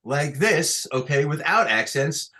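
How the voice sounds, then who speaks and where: This online teacher of scripture chanting speaks a little slowly, his slightly high voice pushed and bright with lively intonation. On a video call through a computer mic, he explains each step patiently and often confirms his students understand.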